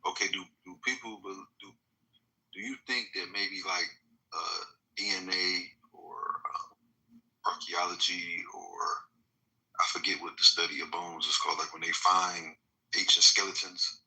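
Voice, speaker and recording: A man calling in with a question, halting and hesitant, full of fillers. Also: sits low, fairly even intonation, sharp tone, low-quality recording.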